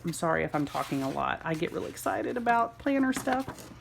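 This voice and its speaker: Gushing homeschool mom, lower voice. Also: female voice, sing-song, fairly quick, gravelly, slight background noise. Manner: gushing, gasping with delight. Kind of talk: excited unboxing vlog.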